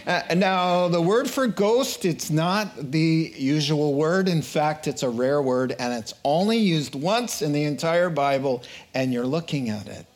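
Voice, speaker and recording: A man's voice: on the high side, animated, unhurried. A man preaching a Bible lesson in a playful way, acting out scenes with voices. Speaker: preacher teaching a Bible study. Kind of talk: sermon.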